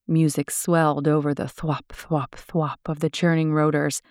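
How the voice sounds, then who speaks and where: A woman reading an audiobook in steady, descriptive scripted narration. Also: sits low, a little slow, no room sound, studio quality.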